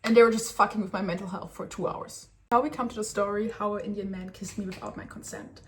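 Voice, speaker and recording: A young woman from Germany, telling a travel story to her viewers in a lively, sassy way. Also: mid-range voice, fast, a little hiss or hum. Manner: animated, sassy, acts out quotes. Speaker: travel vlogger. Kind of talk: casual storytelling to camera.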